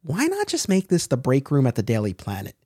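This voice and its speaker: A man chatting on a podcast, retelling scenes with animated enthusiasm. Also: medium pitch, brisk, husky, no room sound, studio quality. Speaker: podcast co-host. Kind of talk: casual chat.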